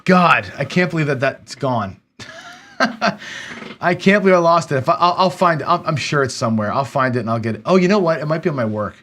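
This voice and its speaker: A man's voice: medium pitch, animated, fast, few pauses, fairly bright tone. A man hosting a casual live stream, half talking to his viewers and half muttering to himself. His voice sits in an ordinary middle register, and his words come out in restless, exasperated bursts while he hunts around on his computer. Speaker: livestream host.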